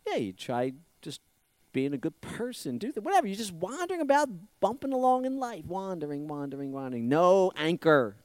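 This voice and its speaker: A man preaching a conversational sermon, repeating phrases and asking the listeners questions, swinging from loud emphasis to hushed asides. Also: sits high, huge pitch swings, normal speed, no room sound, studio quality. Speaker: pastor.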